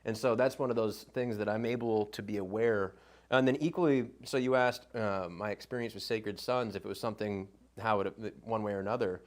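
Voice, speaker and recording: A man on a podcast telling a story in a rambling casual way, getting animated when he quotes himself. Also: fairly low pitch, fairly quick.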